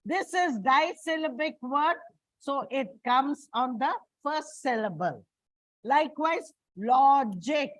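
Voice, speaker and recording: Slow high-voiced woman teacher spelling words. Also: animated, no echo. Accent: Indian English. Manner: slow, deliberate, repeats and spells out words letter by letter. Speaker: English teacher. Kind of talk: slow spelled-out classroom lesson. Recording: dull, muffled lo-fi recording.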